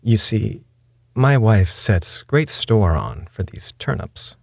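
A plain-spoken country landlord, read by a man, homely and a little bothered. The voice is low and slow, with a husky edge and a dry, close sound. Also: very animated, darkish tone, no echo, exaggerated voice. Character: worried, plain-spoken male farmer and landlord.

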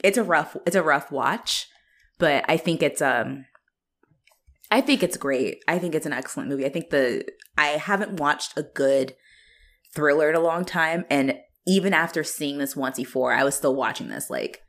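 A woman's voice: sits low, lively intonation, normal speed. A woman co-hosting a podcast, casually chatting about a movie, laughing often and swearing freely as she retells scenes. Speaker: podcast co-host. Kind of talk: casual movie discussion chat.

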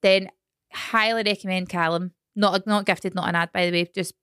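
A Scottish woman in her thirties, co-hosting a podcast in casual chat, telling animated stories with quick asides and the odd swear. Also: on the low side, clear, resonant tone, no room sound, studio quality. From Scotland. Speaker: podcast co-host.

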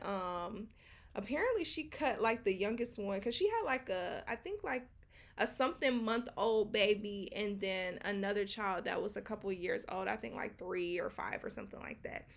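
A woman co-hosting a casual chat podcast, telling stories in an animated way with quoted dialogue, slang fillers and asides to listeners. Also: mid-range voice, moderate pace. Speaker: podcast co-host.

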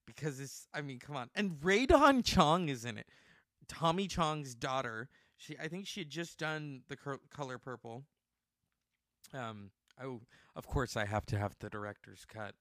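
A man hosting a casual talk show, animated and outspoken, swearing freely. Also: medium pitch, unhurried, no echo, studio quality. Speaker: host.

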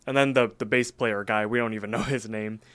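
A man's voice: on the low side, steady tone, brisk, a bit bright, smooth. A man co-hosting a podcast, casually recapping an episode in a rambling way with lots of "like" and "um". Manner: rambling, filler-heavy retelling. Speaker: podcast co-host.

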